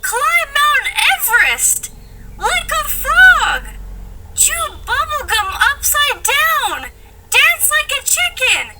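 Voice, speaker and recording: A woman's voice: extremely high pitch, big pitch swings, slow, heavy background noise, pitched above the performer's own voice, exaggerated voice. A woman voicing a panicky young boy with hiccups, shrieking and dramatic. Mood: frantic.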